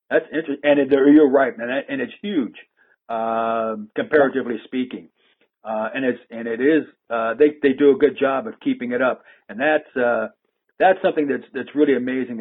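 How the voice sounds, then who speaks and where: A man's voice: mid-range voice, breathy edge. A man hosting a casual conversation, rambling and hesitant with frequent restarts. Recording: phone-like lo-fi line.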